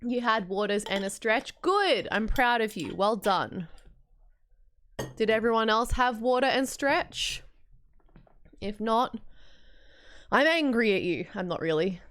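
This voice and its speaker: A woman's voice: a little high, animated, measured pace, long pauses, a bit bright, a little hiss or hum. A woman streaming a game, chatting playfully and teasing her viewers. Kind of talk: casual livestream chat while playing a game. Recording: game music playing underneath.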